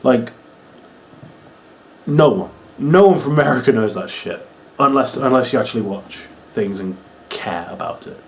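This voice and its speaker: A man's voice: mid-range voice, lively intonation, normal speed, pauses often. Sarcastic young man ranting about a show. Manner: sarcastic, exasperated, many fillers. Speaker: wrestling reviewer. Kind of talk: casual ranting review.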